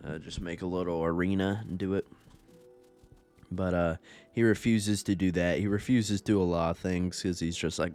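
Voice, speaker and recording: Deep-voiced young man casually gaming. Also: moderate pace, darkish tone. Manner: rambling, profane, laid-back, laughs often. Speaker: gaming YouTuber. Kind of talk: casual gameplay commentary.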